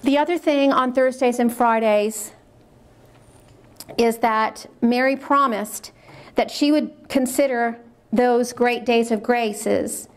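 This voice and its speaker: A woman's voice: a little high, steady tone, slow. A woman speaking at a religious conference, reading diary passages aloud and commenting on them in an earnest way, repeating words when she is moved.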